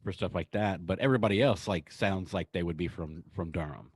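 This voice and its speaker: A man with a mild North Carolina accent co-hosting a podcast, chatting casually in a relaxed, rambling way. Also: low voice, brisk, slightly rough, no room sound. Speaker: podcast co-host. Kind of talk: casual chat.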